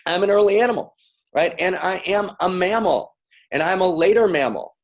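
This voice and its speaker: In a high, expressive voice at a moderate pace, a man engages a live crowd with a playful talk, repeating lines and calling out to them.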